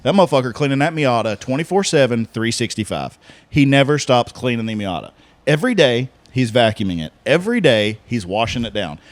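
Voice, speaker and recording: Lively-voiced man, dry close mic. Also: medium pitch, fairly quick, no echo. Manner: profane, deadpan storytelling. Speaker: podcast co-host. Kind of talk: casual chat.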